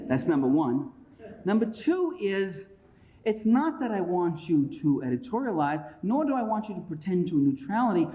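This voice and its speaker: A man's voice: high-pitched, warm tone. Combative man lecturing on a dull tape. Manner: combative, emphatic, sarcastic. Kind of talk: public lecture.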